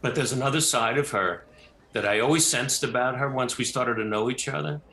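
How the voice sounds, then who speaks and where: An older man tells a story with bright, forceful energy, rambling and restarting as he goes. His voice rings in a roomy studio. He speaks as a director being interviewed. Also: mid-range voice, a little fast. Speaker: film director and actor, guest. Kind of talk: talk show interview.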